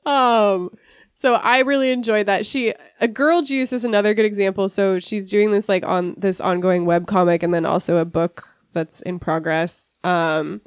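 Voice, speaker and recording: A woman's voice: mid-range voice, steady tone, normal speed, smooth, dry recording, clean studio sound. A woman in casual chat, enthusiastic and full of fillers. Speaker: podcast co-host.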